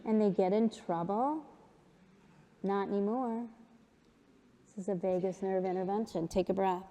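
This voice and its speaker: A woman of middle pitch speaks to a conference crowd, leading breathing and humming exercises in an upbeat, self-mocking way. Her slower cues turn soft and gentle. The voice rings with the long reverb of a big hall. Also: fairly even intonation. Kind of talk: guided breathing and movement talk to an audience.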